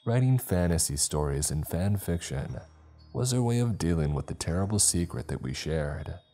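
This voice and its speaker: A man narrating a scripted horror story in a slow, ominous manner. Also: low voice, expressive, warm tone.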